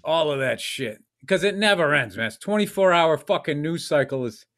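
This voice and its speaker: Blunt high-voiced man chatting. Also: lively intonation, normal speed, fairly bright tone. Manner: profane, blunt, sarcastic jokes. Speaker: podcast co-host. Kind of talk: casual chat.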